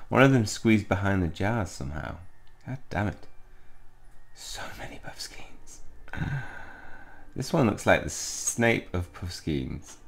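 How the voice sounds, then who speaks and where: A man hosting a let's-play video, joking and reading game dialogue aloud. His voice is very deep with a creaky, gravelly grain. He sounds relaxed and conversational. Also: a little slow. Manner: jokey, chatty, reads game text aloud. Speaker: gaming channel host. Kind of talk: casual let's-play commentary.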